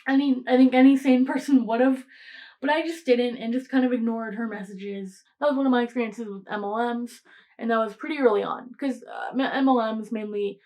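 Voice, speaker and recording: A woman's voice: a little high, fairly even intonation, fairly quick, dark tone. A young woman in her late teens hosting a podcast, telling a story in a rambling casual way, full of fillers and restarts. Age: young adult. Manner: rambling, frequent fillers and restarts, acts out quoted lines. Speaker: podcast host.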